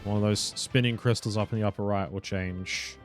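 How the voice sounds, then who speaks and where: A low-pitched young man talks through his gameplay in a loose, rambling way, doubling back on himself and tossing in the odd curse. Quiet game music plays underneath. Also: steady tone, fairly quick. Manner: rambling, self-correcting, swears and laughs. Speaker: streamer. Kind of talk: casual live gameplay commentary.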